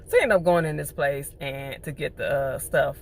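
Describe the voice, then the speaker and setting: Woman reviewer, casual recap, gravelly voice, slangy and animated, faint hum. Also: low-pitched, moderate pace. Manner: chatty, animated, uses slang. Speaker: TV show reviewer.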